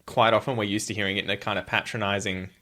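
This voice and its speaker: A man with an Australian accent, chatting as a podcast guest, animated and quick to laugh. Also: fairly low pitch, a little hiss or hum. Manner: animated, laughs often, slips into funny voices for quotes. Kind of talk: casual podcast chat.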